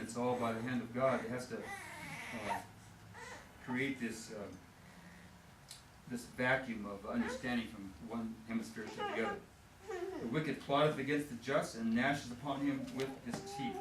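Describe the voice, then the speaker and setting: A male pastor preaches in a roomy church sanctuary, heard from some distance from the microphone, with steady background noise in the recording. He talks to his congregation casually, with frequent "uh"s and restarts. He slows down and lifts his voice when he reads scripture. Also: mid-range voice. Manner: conversational preaching, many fillers and restarts, checks in with "okay?"; reads scripture in a slower, raised voice. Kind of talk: sermon. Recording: echoey church sanctuary, mic at a distance, noisy.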